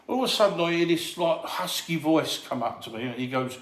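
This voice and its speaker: A man, a former doorman, telling a lively anecdote in casual chat and acting out the voices of the people in it. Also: medium pitch, fast. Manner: animated storyteller acting out other people's voices. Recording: echoey room.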